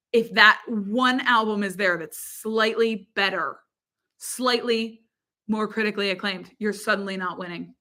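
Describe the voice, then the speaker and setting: A woman's voice: mid-range voice, sharp tone. A woman chatting casually with viewers and reading their comments, bubbly and giggly, with lots of fillers. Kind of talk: casual chat.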